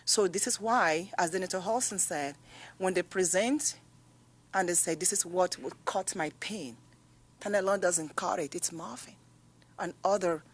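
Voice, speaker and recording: A woman's voice: on the low side, a little slow. A woman testifying as a patient advocate at a hearing, speaking earnestly and growing emphatic as she recounts stories.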